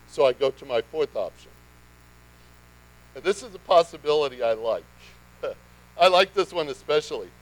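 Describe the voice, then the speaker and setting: A man's voice: fairly high pitch, low-quality recording. Man preaching with emphatic bursts. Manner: conversational, building to emphatic bursts. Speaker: pastor. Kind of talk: sermon.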